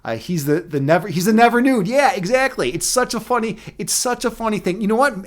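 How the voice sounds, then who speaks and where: Male streamer in his thirties, slightly high pitch, loose profane storyteller, casual chat with viewers. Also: brisk. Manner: rambling, profane, laughs at own stories; many restarts and fillers, animated storytelling. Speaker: live stream host.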